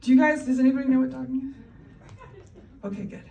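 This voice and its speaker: Woman stand-up comic, fairly high voice, chatty and wry, heard a bit off-mic in a live club. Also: steady tone, fast, vocal fry, warm tone, recorded from a distance, highs cut off. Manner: chatty, wry, laughing between lines. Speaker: stand-up comedian. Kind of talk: stand-up comedy set. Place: comedy club stage before a live audience. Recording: roomy live club recording, crowd and ambience behind.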